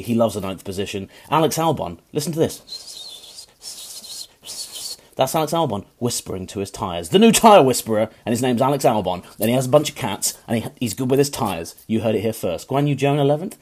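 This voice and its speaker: A man's voice: mid-range voice, darkish tone. A man co-hosting a casual chat podcast, joking, laughing often and mocking himself. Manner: quick, laughing, self-mocking. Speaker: podcast co-host.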